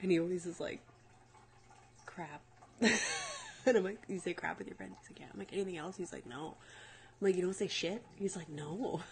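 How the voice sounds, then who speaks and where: Animated young woman telling stories. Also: on the low side, quick pace. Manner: animated storytelling, acts out quotes. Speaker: co-host. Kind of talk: casual chat.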